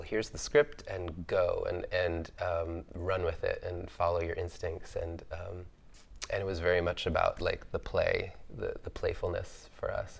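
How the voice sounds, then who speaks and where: A man's voice: low voice, vocal fry. A man on an artist panel, telling stories about his early influences in a thoughtful, chatty way, with lots of fillers and easy laughter. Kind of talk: reflective conversational storytelling.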